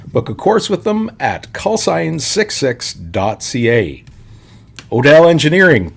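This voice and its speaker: A man's voice: medium pitch, gravelly, breathy edge. A man co-hosting a casual podcast, reading sponsor spots and joking easily with his co-host. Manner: easygoing, joking, laughs often.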